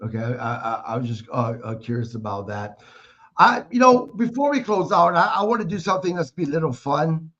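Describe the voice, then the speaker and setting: A man hosting a podcast, asking his guest questions in a halting way full of restarts. His voice sits fairly high. The audio is a little dull and lo-fi. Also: very animated, fairly bright tone. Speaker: podcast host. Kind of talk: casual interview questions.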